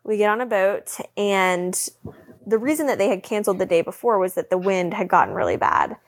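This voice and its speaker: A young woman co-hosting a podcast, telling a story in a lively, laughing way. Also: medium pitch, a little fast. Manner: animated storytelling with frequent laughs. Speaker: podcast co-host. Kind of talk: casual chat.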